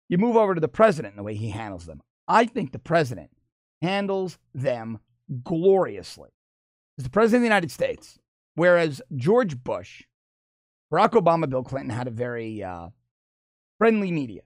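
With a voice that runs a little high, this man holds forth in an opinion monologue as a political commentator, lively and derisive and often breaking into laughter. Studio-quality audio with no room sound.

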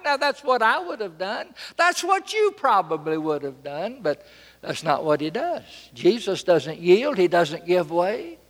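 A man preaching a sermon from a church pulpit, dramatic and emphatic, repeating phrases and swinging between loud and soft. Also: high-pitched, big pitch swings, unhurried, in a large hall.

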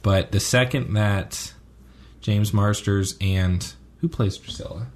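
A man with a fairly low voice chats casually as a podcast co-host, picking apart a TV episode. He rambles along, stopping for ums and correcting himself as he goes. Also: takes it slowly. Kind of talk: casual chat reviewing a TV episode.

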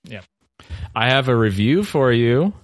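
A man's voice: mid-range voice, sing-song, unhurried, no echo, clean studio sound. A man co-hosting a podcast in casual chat, joking and sarcastic. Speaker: podcast co-host.

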